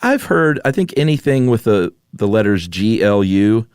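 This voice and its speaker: A man's voice: lowish voice, animated, moderate pace, darkish tone, clean tone, no room sound, clean studio sound. A man co-hosting a podcast in casual chat, easygoing and drawling with fillers. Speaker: podcast co-host.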